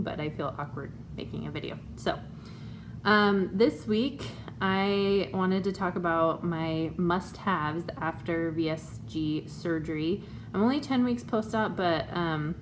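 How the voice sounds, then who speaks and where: A woman in her twenties with a lowish voice records a home video update from a room in her home, chatting in a self-conscious way full of fillers. Background noise can be heard.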